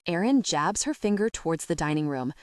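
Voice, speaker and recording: A woman's voice: lowish voice, animated, fairly quick, no echo, clean studio sound, lightly acted. A woman reading the part of an overwhelmed young single mother who rambles and frets through tears. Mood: insistent. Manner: rambling, tearful, upset.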